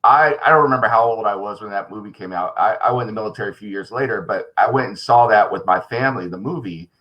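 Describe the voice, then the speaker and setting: A man's voice: fairly low pitch, lo-fi sound. Earnest man co-host recalling a memory. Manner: earnest, halting. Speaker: podcast co-host. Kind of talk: casual interview chat.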